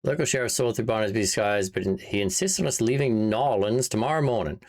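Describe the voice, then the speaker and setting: A man's voice: medium pitch, lively intonation, fast talker, a little mellow. A man streaming a video game, chatting casually, thinking aloud and reacting with amusement. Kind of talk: casual let's-play commentary.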